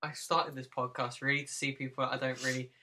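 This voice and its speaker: Guy hosting a chill podcast from his home office on a laptop mic, giggly and hyped. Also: mid-range voice. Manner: excitable, giggly, quick asides. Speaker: podcast host. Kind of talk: casual chat.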